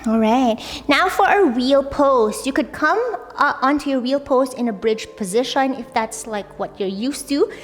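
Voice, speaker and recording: A woman's voice: high-pitched, unhurried, hardly any pauses. A young woman teaching a yoga class in a casual, upbeat way, often adding "like" and "right?". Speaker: yoga instructor. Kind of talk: guided yoga class instruction. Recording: long reverb, faint music.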